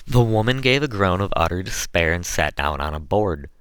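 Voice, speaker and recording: Low voiced guy reading an audiobook, slow and steady, dry sound. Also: clear, resonant tone, dry recording. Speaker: audiobook narrator. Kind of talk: audiobook narration.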